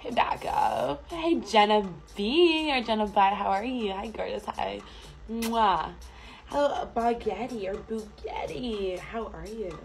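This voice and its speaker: A woman hosts a casual livestream with music playing, greeting viewers one at a time with flirty, affectionate pet names. Her voice is medium-pitched, slow and creaky, and the recording is low quality.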